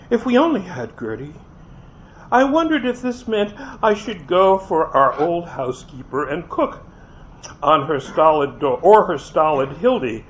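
Male reader, fairly high voice, first-person novel, expressive with small slips; lo-fi, light hiss. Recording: dull lo-fi with faint hiss.

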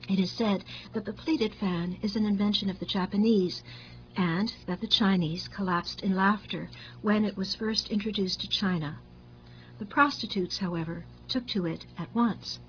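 Wry woman narrating in measured tones. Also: mid-range voice, muffled recording, slight background noise. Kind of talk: scripted literary narration.

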